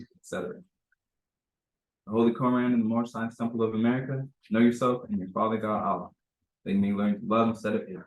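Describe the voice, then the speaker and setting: A man reading scripture aloud at a religious meeting in a measured, solemn recitation. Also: fairly low pitch, muffled recording. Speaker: temple member reading scripture. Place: temple meeting hall. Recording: echoey room.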